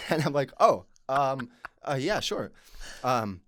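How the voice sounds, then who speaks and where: A man co-hosting a podcast, telling an animated, profanity-laced story in casual chat. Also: mid-range voice, slow. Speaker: podcast co-host.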